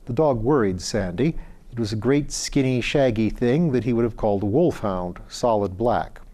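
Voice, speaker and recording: A man reading a story aloud in a calm, measured narration. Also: mid-range voice. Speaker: audiobook reader.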